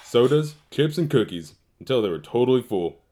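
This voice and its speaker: A man tells a classic fairy tale as a comedy, keeping a storybook cadence while dropping in street slang. His voice sits at an ordinary middle pitch. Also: sing-song, moderate pace, dark tone, a little hiss or hum. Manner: mock-storybook narration peppered with street slang. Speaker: narrator.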